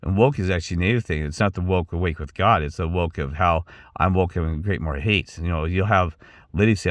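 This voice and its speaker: A man's voice: deep voice, fairly quick, no room sound. A middle-aged man talking in a rambling personal monologue, repeating himself and restarting often. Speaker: channel host.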